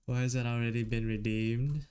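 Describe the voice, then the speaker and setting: A man talks slowly and easily into a desk microphone as he draws on a live stream. His voice is smooth and clear, and his chat is relaxed and broken up by chuckles. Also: mid-range voice. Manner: relaxed, chuckling, chatting with viewers. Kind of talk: casual chat while drawing on stream.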